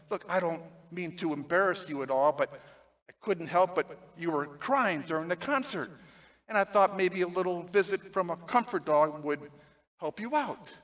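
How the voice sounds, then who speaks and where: A man preaching a sermon, telling a personal story with lively swings between excited, loud passages and hushed, tender ones. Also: fairly high pitch. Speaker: pastor.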